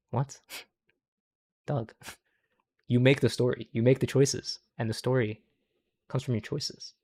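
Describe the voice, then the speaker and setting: A man's voice: mid-range voice, fairly even intonation, a little slow, long pauses, warm tone. A young man hosting a livestream, reacting to clips in casual, profane commentary. He rambles, keeps tagging lines with "okay?", and laughs at his own jokes.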